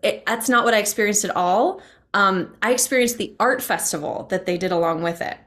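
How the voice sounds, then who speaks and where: A woman's voice: medium pitch, brisk, fairly bright tone. A woman hosting a podcast, chatting casually and asking curious follow-up questions. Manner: curious, conversational, asks follow-ups. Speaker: podcast host, interviewer. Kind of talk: casual interview chat.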